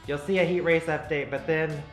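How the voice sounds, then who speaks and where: A man co-hosting a racing talk show, relaxed and often chuckling, with a slightly high voice. The sound is roomy and echoing, with faint music underneath. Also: brisk. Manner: laid-back, chuckling. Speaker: co-host. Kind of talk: casual chat.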